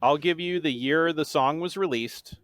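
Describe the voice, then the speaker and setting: A man hosting a trivia round on a podcast, reading song lyrics in a deliberate flat monotone. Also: fairly high pitch, no room sound. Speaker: guest quiz host. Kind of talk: reading quiz questions.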